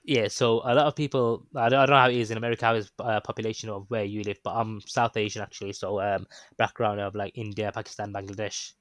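A man's voice: on the low side, fairly even intonation, fast, few pauses, a bit bright, dry recording. A man casually telling a story, rambling and hesitant with lots of ums and restarts. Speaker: guest recounting his experience.

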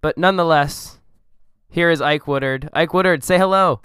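A man's voice: a little high, moderate pace, fairly bright tone, clear, resonant tone, dry recording, studio quality. A man hosting a casual podcast interview, chatty, with frequent fillers and restarts. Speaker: podcast host.

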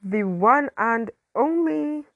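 Woman voicing a dramatic playful teen boy, hammy, creaky, dry. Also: fairly high pitch, expressive, slow, a bit bright, no echo, dull audio, voice pushed up, exaggerated voice. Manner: playful, theatrical.

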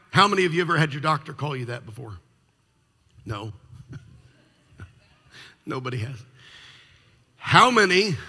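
A man's voice: mid-range voice, vocal fry, sharp tone, husky. A male pastor giving a sermon, telling a story with jokes and asides. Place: large church sanctuary. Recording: long reverb of a large hall.

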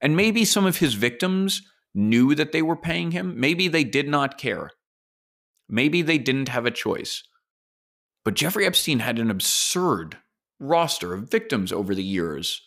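A man's voice: mid-range voice, big pitch swings, measured pace, a bit bright. A man hosts a solo podcast and tells a story in a loose, casual way. He speculates aloud and throws in the odd curse word. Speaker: podcast host.

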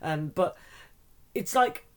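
Animated storyteller, middle-aged. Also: mid-range voice, takes it slowly. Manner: animated, mimics voices in stories, swears casually. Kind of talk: casual chat, anecdotal storytelling.

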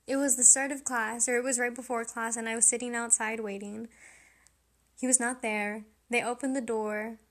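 A young woman hosting her own podcast, chatting casually through a personal story with lots of fillers, giggles and self-deprecating asides. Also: fairly high pitch. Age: young adult. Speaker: podcast host.

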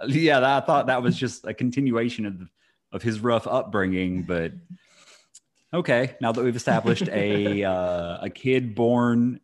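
A man's voice: medium pitch, unhurried. A young man co-hosting a casual true-crime podcast, joking dryly with wry asides. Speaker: podcast co-host.

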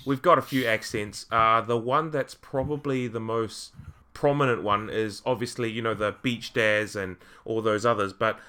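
A man from New Zealand with a New Zealand accent, hosting a relaxed casual chat full of drawn-out fillers. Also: lowish voice, clean tone.

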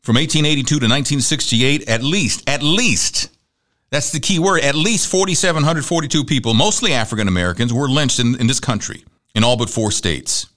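Middle-aged man, talk show host, chatty storyteller, lively swinging pitch, bright tone. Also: quick pace. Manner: chatty, animated storytelling with voiced quotes. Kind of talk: conversational monologue.

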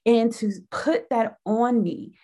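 A woman with a slightly high voice talks about faith in an emphatic, preacherly way. She builds her points through repetition, like a sermon inside a conversation. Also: fairly even intonation, takes it slowly, mellow.

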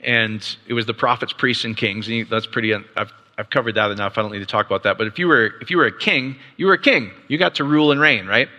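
In a large hall with a long reverb, a man with a mid-range, bright, forceful voice talks quickly and with few pauses. He gives a casual Bible teaching with slides to a live group, peppering his points with a rhetorical "right?" and often restarting or stammering through repeated words.

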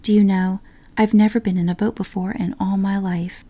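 A woman's voice: mid-range voice, moderate pace, highs cut off, close to an everyday voice. A woman voicing a shy, eager young male mole in a whispered role-play from a storybook. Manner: shy, excitable.

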